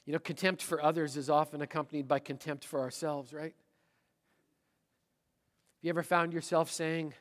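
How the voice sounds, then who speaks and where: A middle-aged man preaching a sermon, dramatic, voicing inner thoughts aloud and swinging from loud to hushed. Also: on the high side, flat delivery, a little slow, pauses often. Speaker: pastor. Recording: hall reverb.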